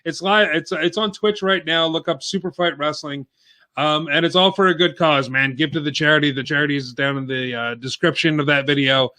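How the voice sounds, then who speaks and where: Podcast host, male, bright higher voice, rambling casual delivery, slightly winded. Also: steady tone, a little fast. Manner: rambling, filler-heavy plugging. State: out of breath.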